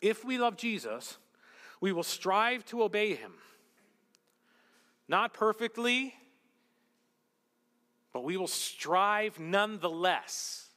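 A male pastor preaching a sermon in an earnest, rhetorical way, slowing down for emphasis. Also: high-pitched, expressive, bright, forceful tone. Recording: long hall reverb.

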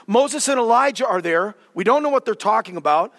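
High-voiced male pastor preaching a jokey, animated sermon in an echoey church hall. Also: fairly quick, creaky. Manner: animated, jokey, dramatic shifts in volume.

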